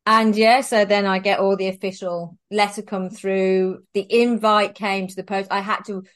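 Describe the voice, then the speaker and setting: A woman guest in an interview, telling a story in a chatty, animated way and laughing often. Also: medium pitch, moderate pace.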